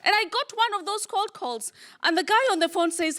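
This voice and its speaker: A woman from Kenya performing a stand-up comedy set on a club stage, with punchy deadpan delivery and pauses for laughs. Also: extremely high pitch.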